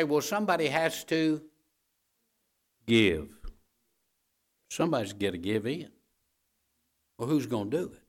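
A middle-aged man preaching a folksy sermon. He talks conversationally, tells jokes and home stories, and keeps checking in with the congregation. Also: mid-range voice. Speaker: pastor.

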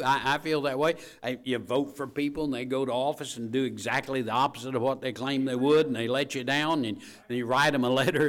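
A man preaching a sermon in a folksy way, repeating key phrases and swinging between quiet, low lines and loud, emphatic bursts. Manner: folksy asides to the congregation.

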